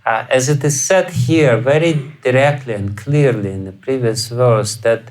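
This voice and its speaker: A man's voice: mid-range voice, measured pace, poor audio. A man with a Russian accent lecturing on scripture as a spiritual teacher, chuckling often and asking rhetorical questions. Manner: acts out quoted voices with sudden loud outbursts. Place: lecture hall.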